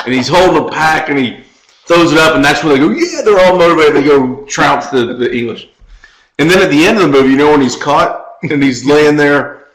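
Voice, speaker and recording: A man's voice: on the high side, fairly quick, fairly bright tone, reverberant, low-quality recording. A man co-hosting a podcast in casual chat, rambling through a story and laughing at his own jokes. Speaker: podcast co-host.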